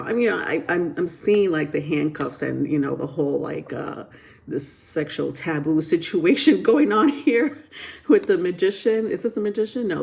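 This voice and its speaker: Low-voiced woman giving a chatty tarot reading. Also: gravelly, a little mellow. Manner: chatty, rambling, with many fillers and restarts; giggles often at her own reading. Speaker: tarot reader. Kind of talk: casual tarot reading to camera.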